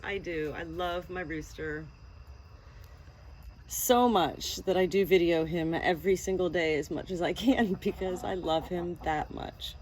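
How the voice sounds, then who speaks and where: A woman's voice: fairly low pitch, slight background noise, low-quality recording. A woman vlogging casually to the camera about her pet rooster at home, upbeat and cooing at the bird.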